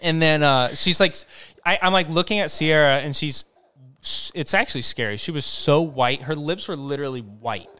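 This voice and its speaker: Brief: young male co-host, smooth clear voice, animated storyteller who swears a lot. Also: a little high, normal speed. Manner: animated, acts out voices when excited, swears freely. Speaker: podcast co-host. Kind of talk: casual storytelling chat.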